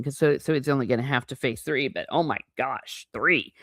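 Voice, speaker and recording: A woman reviewing a novel, reading passages aloud and breaking in with gushing, animated asides. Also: rumbling low, normal speed, no echo. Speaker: book reviewer.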